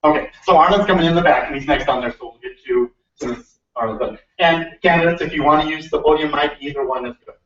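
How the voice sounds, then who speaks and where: Bright-voiced man moderating a meeting. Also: on the high side, quick pace. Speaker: event moderator. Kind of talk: introducing speakers. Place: meeting room with an audience. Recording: distant, roomy, lo-fi with a crowd.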